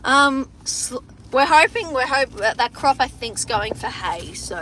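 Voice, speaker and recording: A young Australian woman's high-pitched voice, pushed and bright and a little slow, comes through her phone's front camera with slight background noise. She's livestreaming from a car on a farm, casually chatting with viewers, swearing a lot and restarting what she says.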